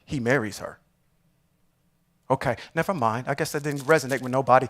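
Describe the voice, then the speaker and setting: A man teaching Torah on a live stream, reading verses slowly and with emphasis, then explaining them with frequent "okay?" check-ins. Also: mid-range voice, a bit bright. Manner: reads verses slowly and emphatically, then comments with rhetorical questions.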